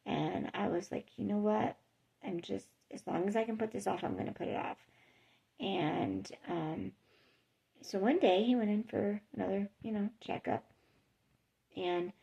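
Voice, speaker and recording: Gravelly-voiced woman telling a personal story. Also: fairly low pitch, a little mellow. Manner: emotional, conversational, many fillers. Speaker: vlogger.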